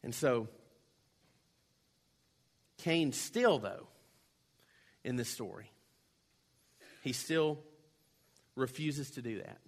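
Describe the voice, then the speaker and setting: A man's voice: medium pitch, drawn-out words, long pauses. A man preaching a sermon in a conversational way, acting out quoted voices now and then. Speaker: pastor.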